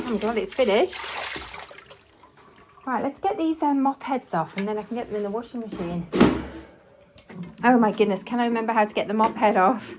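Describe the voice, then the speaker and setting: A woman's voice: medium pitch, moderate pace, pauses often. A woman chatting casually as a cleaning vlogger, thinking aloud and cheering herself on as she works in her kitchen. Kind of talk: casual chat while cleaning along in real time. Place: home kitchen. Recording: clattering household noise behind.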